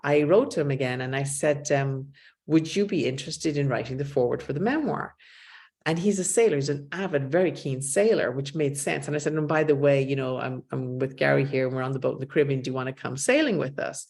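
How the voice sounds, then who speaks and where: A woman's voice: very deep voice, fairly quick. A middle-aged woman, an author talking as a guest in a casual interview and telling stories, quoting other people's lines as she goes. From Ireland. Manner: animated storyteller, quotes others in dialogue.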